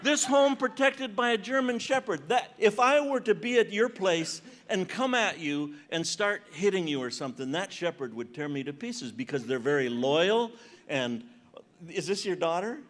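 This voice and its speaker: On the stage of a large conference hall, a man in his 70s performs stand-up, chatting and poking fun at audience members. His voice is on the high side and expressive, at a normal speed.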